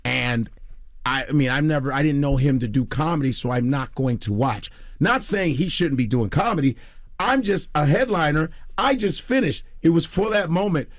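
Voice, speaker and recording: Brief: middle-aged Chicago comic, slightly high voice, dead-dry studio mic, animated storyteller. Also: male voice, moderate pace, dry recording. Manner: animated, acts out quoted voices. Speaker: comedian guest. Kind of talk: storytelling on a radio talk show.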